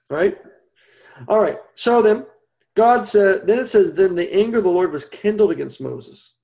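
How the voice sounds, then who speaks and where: A man's voice: high voice, darkish tone, muffled recording. A man giving a Bible study lecture in a conversational way, often checking in with "right?". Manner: conversational, keeps asking "right?". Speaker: Bible teacher.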